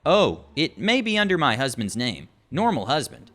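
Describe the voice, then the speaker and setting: A man's voice: medium pitch, wildly swooping pitch, normal speed, a bit bright. A man voicing an indignant entitled wife. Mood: demanding. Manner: indignant, condescending. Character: entitled demanding wife, middle-aged woman.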